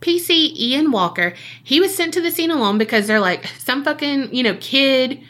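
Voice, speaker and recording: Bright, profane woman telling a crime story. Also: high-pitched, animated, normal speed. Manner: profane, jokey, acts out quoted people. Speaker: podcast co-host telling a case. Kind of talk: casual true-crime storytelling.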